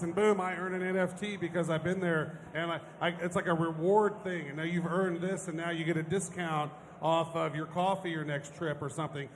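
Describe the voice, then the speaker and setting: A man co-hosting a live podcast panel, telling stories in an animated, jokey way. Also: fairly high pitch, fairly quick, hardly any pauses. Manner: animated storytelling, jokey asides. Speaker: podcast co-host. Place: conference stage before an audience. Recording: live hall with long reverb and faint ambience.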